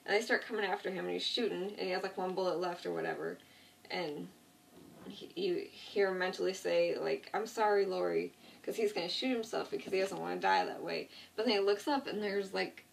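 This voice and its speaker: A woman's voice: fairly low pitch, creaky, slight background noise. A woman retelling a TV episode in a casual, rambling way, correcting herself often and filling gaps with "like.". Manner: rambling, self-correcting, lots of 'like'. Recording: distant mic.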